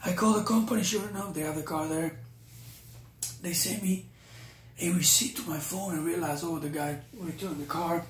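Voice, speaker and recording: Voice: mid-range voice, fairly even intonation, moderate pace, slight background noise. A preacher telling a personal testimony to viewers, often calling them "you guys.". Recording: roomy echo.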